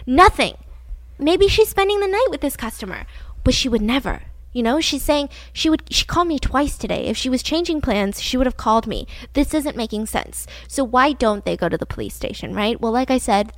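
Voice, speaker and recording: A woman's voice: fairly high pitch, dry recording. A woman casually retelling a true-crime story, chatty and full of "like", acting out the quotes. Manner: chatty, peppered with "like", acts out quotes.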